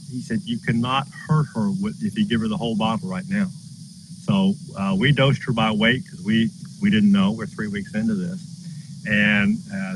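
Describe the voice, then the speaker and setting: A man's voice: lowish voice, background noise. A man who runs a horse farm, telling a story in an earnest, folksy way while outdoors. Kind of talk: casual storytelling.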